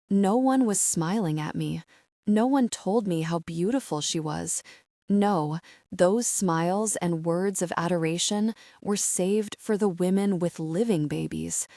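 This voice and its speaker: A woman narrating an audiobook in a slow, sorrowful, measured reading. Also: lowish voice, dark tone, no echo, clean studio sound.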